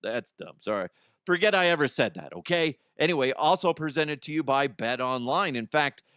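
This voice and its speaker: A man's voice: mid-range voice, a bit bright, no echo, clean studio sound. A man hosting a comedic podcast, telling stories in a loose monologue, swearing often and laughing at his own jokes. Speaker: podcast host.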